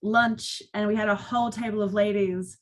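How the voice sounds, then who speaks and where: A woman, speaking on a conference panel and telling stories with lively acted quotes. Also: mid-range voice, normal speed. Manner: animated storytelling with acted quotes. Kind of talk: panel discussion.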